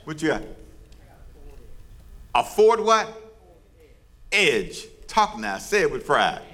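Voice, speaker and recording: A man's voice: on the high side, big pitch swings, slow, sharp tone. A man preaching as pastor, leading his congregation in call and response and teasing them playfully. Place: church service before a congregation.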